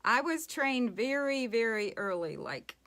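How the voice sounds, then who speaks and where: Middle-aged woman, team-leader trainer, casual and plainspoken, bright tone. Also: on the high side, very animated, measured pace. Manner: chatty, plainspoken, with frequent ums and asides. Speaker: network marketing team leader. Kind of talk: casual business training talk.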